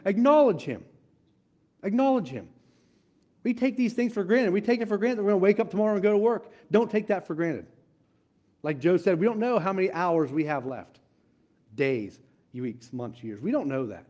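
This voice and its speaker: Earnest man preaching, high mellow voice. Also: big pitch swings, fairly quick, pauses often. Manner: earnest, repeats phrases for emphasis, swells louder then drops to near hush; reads scripture aloud with occasional fillers and restarts. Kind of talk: sermon.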